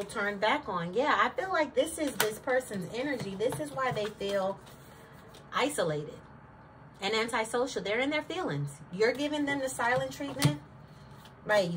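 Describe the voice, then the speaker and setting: With a fairly high, fairly bright voice, a tarot reader delivers a casual reading straight to her viewers, sassy and full of slang. The mic is distant and clear background noise comes through.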